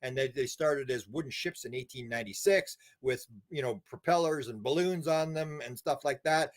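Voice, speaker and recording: An older man, a guest in a casual interview, telling animated stories with many restarts and repeated words. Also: medium pitch, moderate pace. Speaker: interview guest, UFO researcher.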